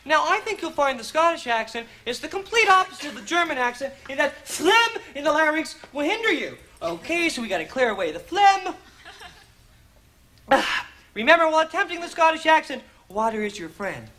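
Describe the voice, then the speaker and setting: A man playing a pompous accent teacher in a comedy sketch, with sudden shouts. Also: very high-pitched, big pitch swings, normal speed. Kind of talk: sketch comedy in front of a live audience. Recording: live studio audience laughter and noise.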